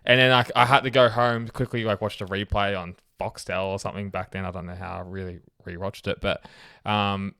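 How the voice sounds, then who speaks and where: Un jeune Australien décontracté, qui co-anime un podcast sur le ton de la conversation. Sa voix est claire et lisse. Le son est sec et proche, sans réverbération. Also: male voice, lowish voice, little pitch movement, fairly quick, vocal fry, bright, forceful tone, no room sound, clean studio sound. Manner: laid-back, easygoing. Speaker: podcast co-host. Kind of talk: casual chat.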